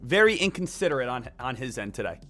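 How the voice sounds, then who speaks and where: A man streaming live market commentary, energetic and emphatic, repeating key points and joking with viewers. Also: medium pitch, fast, soft background music. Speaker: day trading live streamer.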